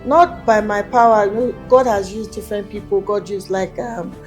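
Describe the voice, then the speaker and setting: A woman's voice: mid-range voice, fairly even intonation, moderate pace, darkish tone, soft background music. A woman singer, a guest in an interview, telling her story with animation and acting out other people's voices when she quotes them.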